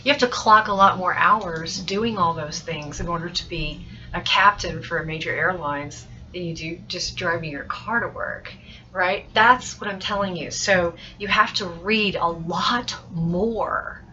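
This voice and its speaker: Bright-voiced woman teacher explaining reading fluency. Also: on the low side, measured pace. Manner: explains through examples and acts out sample lines; repeats and restarts phrases while thinking aloud. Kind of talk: recorded mini-lesson. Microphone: laptop webcam mic. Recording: muffled lo-fi webcam recording.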